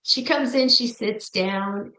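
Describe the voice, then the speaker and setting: A middle-aged woman recounts a personal story as an interview guest. She talks in a chatty, animated way and acts out her own past reactions as she goes. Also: mid-range voice, slow pace, rough recording. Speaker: psychic medium guest.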